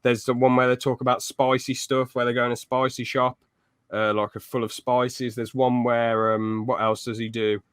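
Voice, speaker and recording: A young man chats casually as a podcast host. He tells stories with energy and throws in loud acted-out quotes. His voice sits at a middle pitch, recorded dry and close. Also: moderate pace, smooth, no echo. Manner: lively storyteller who acts out loud quotes. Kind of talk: casual chat.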